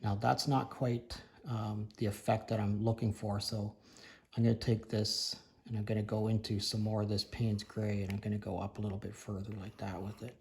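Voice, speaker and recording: A man with a slightly hoarse voice, walking through a painting lesson in a relaxed, offhand tone. His voice sits low and has a gravelly edge. He speaks in a flat, even pitch, stopping now and then to correct himself. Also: normal speed. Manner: relaxed, thinking aloud, self-correcting. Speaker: painting instructor. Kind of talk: casual tutorial narration.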